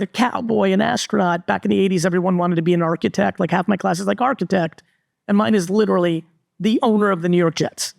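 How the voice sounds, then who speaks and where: A middle-aged entrepreneur gives a live talk as a guest speaker on a resort event stage, facing an audience. His voice is gravelly and high-pitched, his manner blunt and emphatic, and he keeps repeating "literally." The recording is studio quality with no echo.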